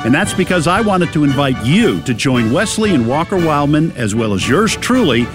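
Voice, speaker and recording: Lively Boston-accented man over music. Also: moderate pace. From Boston, United States. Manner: chatty, upbeat pitch. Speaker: radio co-host. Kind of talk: promotional radio spot.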